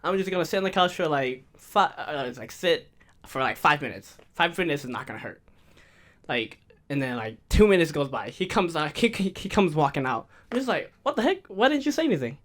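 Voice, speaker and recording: A man's voice: fairly high pitch, fairly quick. Young guy on a podcast telling a story, keeps cracking up, voice jumps all over. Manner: laughs often, animated retelling with quoted voices. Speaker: podcast co-host. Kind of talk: casual storytelling chat.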